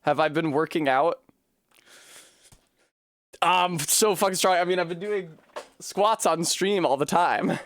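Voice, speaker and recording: A man's voice: fairly high pitch, measured pace, pauses often, fairly bright tone. A man live-streaming from a room at home, chatting casually with his viewers, laughing often and swearing freely. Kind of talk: casual live-stream chat while gaming.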